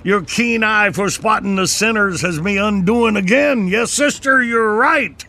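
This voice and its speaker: A man's voice: sits high, unhurried, pushed and bright, heavily acted. A man voicing a drunken, disheveled Irish man in a put-on Irish accent, stammering and slurring sheepishly.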